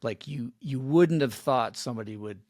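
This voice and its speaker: A man's voice: medium pitch, normal speed, darkish tone, no echo, studio quality. A man hosting a podcast, chatting casually and reflectively with his guest. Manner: reflective, reacts with short interjections. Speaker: podcast host. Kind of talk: casual interview chat.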